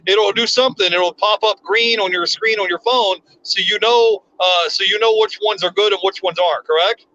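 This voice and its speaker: High, bright-voiced man hosting a livestream. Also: normal speed, dull audio. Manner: rambling, restarts often, reads viewer comments aloud. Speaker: livestream host. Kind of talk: casual live chat.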